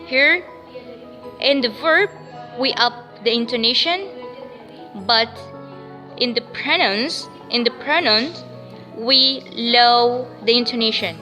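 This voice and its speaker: Slow, bright-voiced woman teaching pronunciation. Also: fairly high pitch, in a large hall, soft background music, rough recording. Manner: slow, repeats words and sounds for drilling. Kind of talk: pronunciation lesson with drills.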